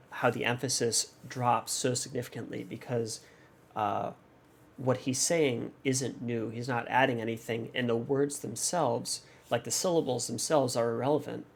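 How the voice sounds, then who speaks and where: A man's voice: mid-range voice, gravelly. A man hosting a music reaction channel, analyzing a song in a thoughtful, hesitant way with many fillers and restarts.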